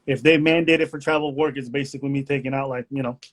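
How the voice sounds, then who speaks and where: A man's voice: medium pitch, steady tone, fast talker. A man hosting a live stream, talking in a candid, rambling, joking way. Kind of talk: casual live-stream chat.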